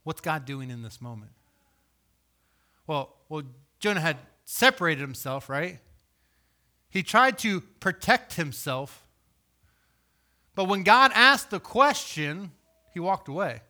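A man preaching a sermon, reading scripture aloud and voicing questions, swinging from loud emphasis to hushed, low delivery. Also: lively intonation, slow, long pauses. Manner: reads scripture aloud and voices imagined questions. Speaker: pastor.

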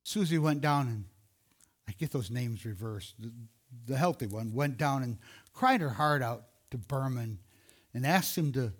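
A man with a plain middle-pitched voice tells a story in an easy, rambling way. He restarts often and corrects himself as he goes, and the talk was recorded outdoors. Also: expressive, a little slow. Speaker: speaker telling a closing story. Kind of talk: informal storytelling.

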